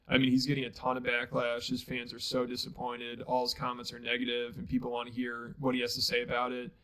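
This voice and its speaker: A man's voice: medium pitch, completely flat delivery, fast talker, a bit bright, rough recording. A man hosting an opinion commentary channel, blunt and critical. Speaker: channel host.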